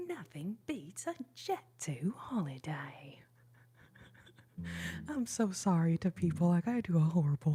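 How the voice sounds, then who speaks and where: Breathy whispering woman, ASMR chat. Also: on the low side. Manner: soft whisper, chatty, giggly. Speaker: ASMR livestream host.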